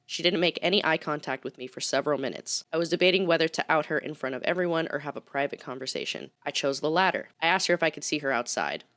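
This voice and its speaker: A woman's voice: low voice, quick pace, few pauses, a bit bright. A young woman co-hosting a podcast, chatting casually and reading posts aloud with giggly asides. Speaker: podcast co-host.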